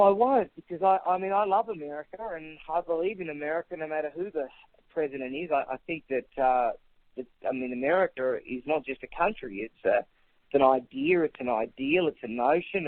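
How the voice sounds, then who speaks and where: A man's voice: a little high, no echo. An Australian man in his thirties, a guest in a radio interview, speaking confidently in punchy rhetorical contrasts. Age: 30s. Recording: tinny phone line, dry.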